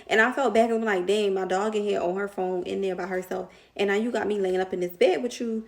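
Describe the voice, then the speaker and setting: A woman's voice: medium pitch, steady tone, a little fast, creaky. A young woman telling a casual storytime to her viewers, slangy and chatty, laughing often.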